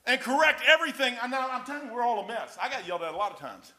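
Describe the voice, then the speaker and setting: An older man preaching through loose, folksy stories, often tossing in "man" as he goes. His voice sits high for a man and has a bright, forceful edge. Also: sing-song, rapid-fire. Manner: rambling folksy anecdotes, says "man" often. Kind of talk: storytelling sermon.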